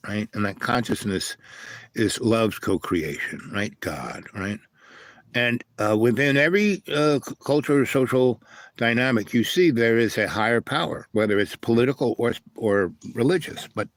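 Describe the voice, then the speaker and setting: A man's voice: medium pitch, no echo, rough recording. A man hosting a rambling spiritual monologue, meandering with many fillers and tag questions. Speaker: channel host.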